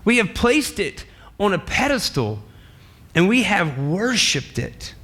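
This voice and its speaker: A male pastor delivers a sermon with lively, playful energy and laughs often. His speaking voice sits a little high for a man. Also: slow pace.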